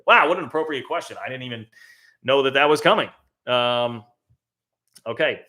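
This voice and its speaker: A man hosts a live college football stream in a bright, forceful voice. He talks in a conversational way, thinks aloud and pushes his points with emphasis. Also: medium pitch, a little fast. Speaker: college football show host.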